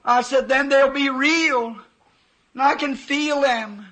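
Captured on a low-quality recording, a man delivers an impassioned sermon with a very high, bright voice. Slowly and deliberately, he draws out his testimony, acting out each quoted voice from his vision.

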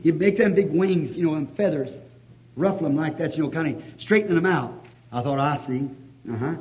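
A preacher with a high, ringing voice tells a folksy story in a sermon. He climbs from easy storytelling into fervent shouts of praise. The old recording sounds dull and lo-fi.

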